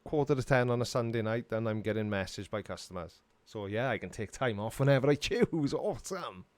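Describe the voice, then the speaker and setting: Middle-aged man, low-pitched, dry sarcastic delivery, close dead sound; live-stream Q&A host. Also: brisk, a little mellow, dry recording. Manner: dry, sarcastic, self-mocking. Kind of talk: casual live Q&A chat.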